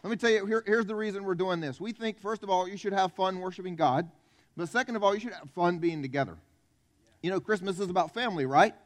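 High-voiced pastor, folksy. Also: male voice, fast. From South Carolina. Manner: conversational, folksy, jokes with the congregation. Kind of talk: Christmas Eve sermon. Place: church.

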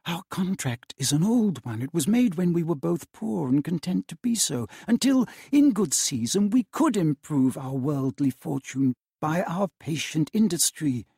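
A man reading aloud and voicing a gentle young woman who speaks softly and steadily as she ends her engagement. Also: on the high side, measured pace, gravelly, hardly any pauses, slightly rough, dry recording, clean studio sound, full character voice. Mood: sorrowful, gentle. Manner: soft, sorrowful and steady. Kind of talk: dramatic reading of a classic novel.

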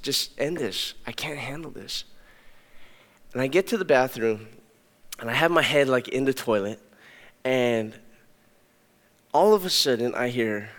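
A young adult male pastor telling a personal story in a sermon, animated and conversational, with many restarts. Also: mid-range voice. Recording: long hall reverb.

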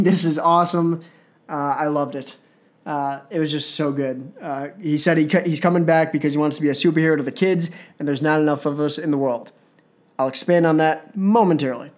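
A man with a somewhat high-pitched voice hosts a casual podcast. He rambles eagerly, piling on side comments and restarting his sentences as he goes. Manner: excited, rambling fan talk with asides. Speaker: wrestling podcast host.

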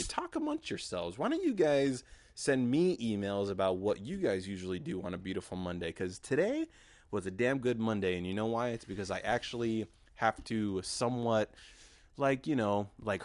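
A man's voice: on the low side, no echo. Profane, rambling man hosting a podcast. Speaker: podcast host. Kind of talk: casual solo podcast. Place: home garage.

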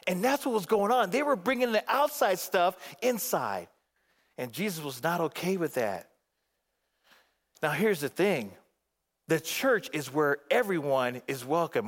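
A man preaching a sermon as a guest pastor from the Phoenix area, swinging between emphatic outbursts and hushed, low passages. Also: lively intonation, normal speed. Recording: long hall reverb.

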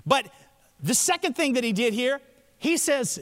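Animated high-voiced preacher in a hall. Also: male voice, moderate pace. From Alabama. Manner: animated preaching, acting out quoted prayers. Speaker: pastor. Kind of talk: sermon.

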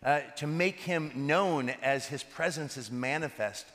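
A man preaching a sermon as pastor, a lively storyteller who acts out conversations. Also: a little high, a little slow, long reverb tail. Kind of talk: sermon with personal stories.

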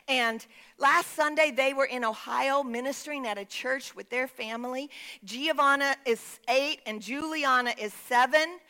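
A woman pastor preaching, her voice high and ringing with a clear, bright edge. She calls out to the congregation for replies. Her voice carries a long echo, like a large hall. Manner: preaching with call-and-response to the congregation. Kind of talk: sermon.

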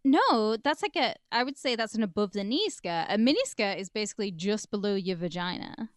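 A woman's voice: medium pitch, lively intonation, fairly quick, dry recording, clean studio sound. A woman co-hosting a podcast, trading bawdy jokes in casual banter and laughing easily. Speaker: podcast co-host.

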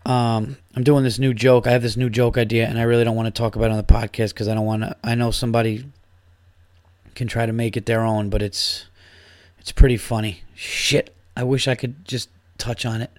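A man hosting his own podcast, a stand-up comic rambling and swearing, working himself up into loud rants. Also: medium pitch, flat delivery, a little fast, dry recording, clean studio sound. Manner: rambling, profane, gets worked up and loud. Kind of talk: casual solo podcast rant.

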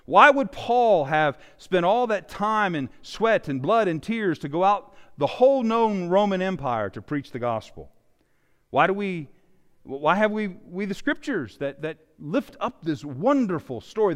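A male pastor preaching a sermon, with animated emphasis that swings loud and soft. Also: fairly high pitch, normal speed. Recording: long reverb of a large hall.

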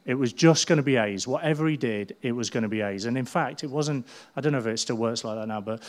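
A man's voice: medium pitch, fast. Brief: middle-aged male pastor, conversational sermon, funny anecdotes. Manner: chatty storytelling with humour.

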